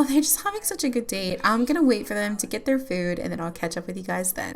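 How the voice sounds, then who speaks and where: A chatty woman narrating her life sim gameplay for viewers, giggling often and sprinkling in filler words. Her voice sits at a middling pitch and her delivery is casual and unhurried. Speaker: gameplay YouTuber.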